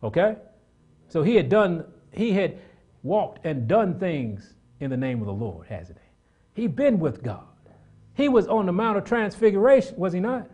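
A man preaching a sermon, swinging from loud emphatic bursts to low hushed asides and firing rhetorical questions at the congregation. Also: huge pitch swings, a little slow, husky.

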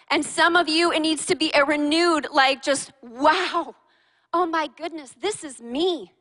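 A woman preaching a sermon to a congregation in a church hall. She speaks in an animated way, firing questions at her listeners and teasing them. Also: high-pitched. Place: large church hall with a live and online congregation. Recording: long reverb of a large hall.

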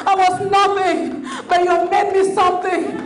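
An overjoyed healed leper man pours out thanks in a high voice, as a woman preacher puts him on. He is fervent and keeps repeating himself. The sound rings around a roomy, echoey hall. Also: level tone, moderate pace.

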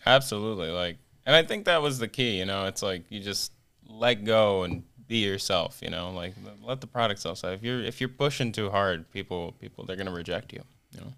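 A man with a low, bright and crisp voice tells his stories as a podcast guest. He talks casually and animatedly, slipping into the voices of the people in his stories. He swears freely as he goes. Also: fairly quick. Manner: animated, acts out quoted voices. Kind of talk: casual storytelling.

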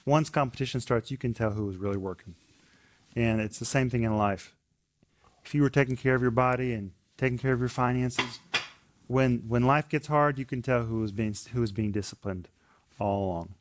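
A man of middle pitch joins a group discussion. He speaks thoughtfully, sometimes restarting a phrase as he works his point out. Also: normal speed, a little hiss or hum. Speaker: discussion participant.

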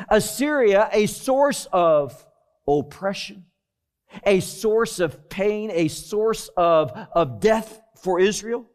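A man preaching a Bible teaching sermon, slowly and emphatically explaining Hebrew words verse by verse. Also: high-pitched.

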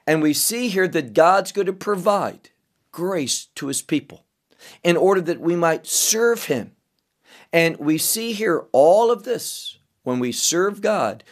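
A man teaching scripture verse by verse, reading each verse aloud and explaining the Hebrew words. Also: on the high side. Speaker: Bible teacher.

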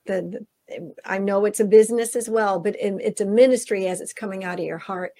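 A woman's voice: medium pitch, fairly quick, dark tone, dry recording. Woman host with a lilt, eager, chatty, close and dry. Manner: enthusiastic, addresses listeners as y'all. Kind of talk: casual interview.

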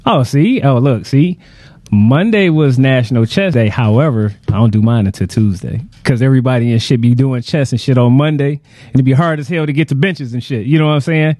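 A man hosting a podcast in relaxed casual chat, slangy and rambling with lots of fillers. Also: mid-range voice, fairly quick, no echo. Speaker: podcast host.

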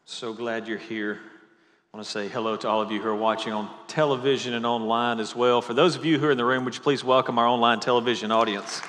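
Preacher in a reverberant sanctuary. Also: male voice, medium pitch, fairly even intonation, fairly bright tone. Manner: jokey opening, then slow emphatic repetition. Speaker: pastor. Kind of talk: sermon. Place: church sanctuary. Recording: long hall reverb.

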